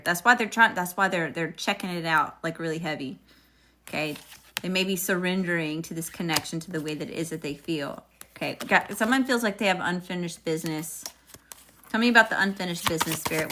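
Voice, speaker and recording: A woman's voice: fairly low pitch, bright, forceful tone, slight background noise. A woman doing a live tarot reading, chatting with viewers and calling out upbeat greetings. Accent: regional accent, unnamed. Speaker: tarot reader.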